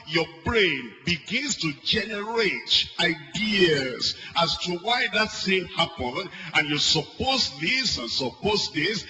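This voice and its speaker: A man preaching a sermon, repeating phrases and swinging between loud and soft. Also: sits high, low-quality recording.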